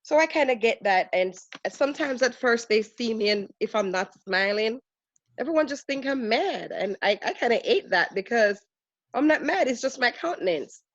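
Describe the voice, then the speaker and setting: A woman in her forties with a Jamaican accent, sharing her experience in a workshop, telling it in an animated way and acting out what other people say. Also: fairly high pitch, moderate pace, no echo, highs cut off. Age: 40s. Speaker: workshop participant. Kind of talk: casual sharing.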